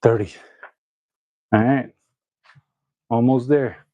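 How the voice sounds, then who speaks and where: A man's voice: medium pitch, steady tone, slow, no room sound, phone-quality sound. A man chatting casually to viewers while he works out at home, joking, laughing often and counting his reps aloud. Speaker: fitness vlogger. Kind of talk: casual chat during a workout.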